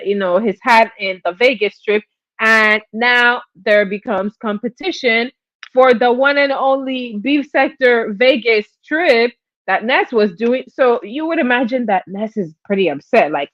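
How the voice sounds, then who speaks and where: A woman hosting a live stream, telling gossip in a chatty, animated way and acting out quotes. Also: on the high side, unhurried, no echo, highs cut off. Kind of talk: casual gossip commentary.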